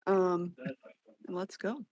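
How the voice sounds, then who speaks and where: A woman player introducing herself in a quiet, sleepy, offhand way. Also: on the low side, slow, no echo. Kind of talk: casual chat.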